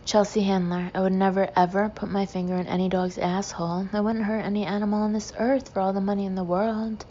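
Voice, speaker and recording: A woman doing a gushing Texan man with a deep twang. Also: little pitch movement, fairly quick, mellow, dull audio, slight background noise, close to an everyday voice. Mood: earnest. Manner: gushing, earnest. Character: gay Texan man friend, doting dog lover.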